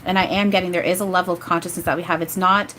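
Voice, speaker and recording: Rambling, emotional woman channeler, low voice. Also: flat delivery, rapid-fire, a bit bright, slight background noise, low-quality recording. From grew up Catholic. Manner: rambling, emotional, many restarts. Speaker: spiritual channeler doing live readings. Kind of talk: live-stream chat and channeling.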